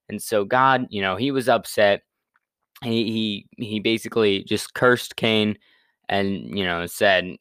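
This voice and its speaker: A man's voice: lowish voice, steady tone, measured pace, a bit bright, smooth, dry recording, studio quality. A young man casually retelling a Bible story in a laid-back, slangy way, full of fillers and restarts.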